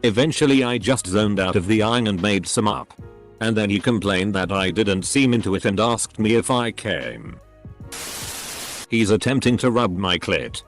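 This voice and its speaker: Low-voiced man reading online stories. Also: animated, moderate pace, faint music behind. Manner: reads out abbreviations letter by letter. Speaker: narrator reading online posts. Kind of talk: scripted reading of anonymous stories.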